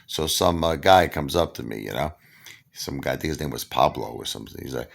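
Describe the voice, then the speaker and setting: A man tells a casual story to camera. His very deep, gravelly voice swings widely in pitch as he acts out every line of dialogue himself. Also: animated, brisk. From Brooklyn, New York. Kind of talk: casual anecdote told to camera.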